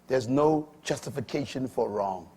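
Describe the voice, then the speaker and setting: An older man preaching a sermon, swinging between loud, high emphatic bursts and low, quiet asides. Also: moderate pace, breathy edge.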